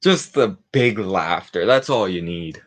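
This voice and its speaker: Slow-talking man on a casual livestream. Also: sits low, animated. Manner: rambling, self-mocking jokes. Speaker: livestream host. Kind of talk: casual Q&A stream chat.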